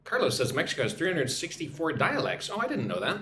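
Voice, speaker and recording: A man's voice: a little high, huge pitch swings, fast, reverberant, background noise. Chatty man teaching English live. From United States. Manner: chatty, reads out comments, greets viewers in their languages. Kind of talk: live stream chat with viewers.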